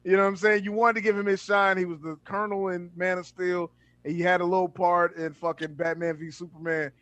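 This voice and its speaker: A man with a fairly high voice co-hosts a podcast in loose, profane chat about a movie. He keeps tossing in "man" and restarts his sentences as he gets worked up. The sound is dry, with no room around it. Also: flat delivery, fairly quick, a bit bright, no echo, highs cut off. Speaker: podcast co-host. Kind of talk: casual film review chat.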